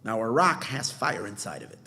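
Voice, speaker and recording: A man's voice: on the low side, big pitch swings, brisk, sharp tone, slight background noise. A man, a rabbi, teaching a Torah class in an earnest explaining manner, often restarting his phrases and mixing in Hebrew terms. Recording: long hall reverb.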